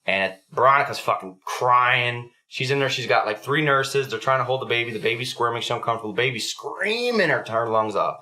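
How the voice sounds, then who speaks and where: A man's voice: medium pitch, steady tone, a little fast, hardly any pauses, pushed and bright. A young adult man hosting a podcast, telling a story in a casual, profanity-heavy way. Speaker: podcast host.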